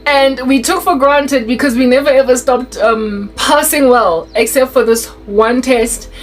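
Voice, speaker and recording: A young South African woman telling a personal story in a casual, animated way, slipping in Sesotho phrases as she goes. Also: high-pitched, a little slow, poor audio. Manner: animated, mixes in Sesotho phrases, restarts often.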